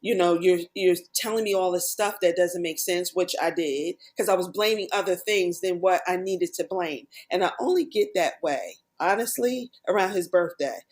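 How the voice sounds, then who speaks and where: A woman's voice: fairly low pitch, moderate pace, hardly any pauses, a little mellow. A middle-aged woman talking earnestly as a podcast guest, often retelling conversations in quoted bursts. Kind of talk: candid personal conversation.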